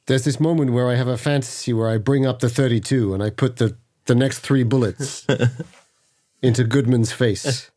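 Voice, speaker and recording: A man's voice: mid-range voice, steady tone, normal speed, warm tone. A man at a tabletop game who narrates his character's moves in a stammering way, repeating words as he goes. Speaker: player.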